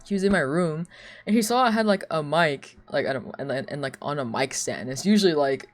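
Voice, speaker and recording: A young woman streamer telling casual stories, animated and laughing often, with lots of "like.". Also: low voice, brisk, faint music behind. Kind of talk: casual storytelling chat.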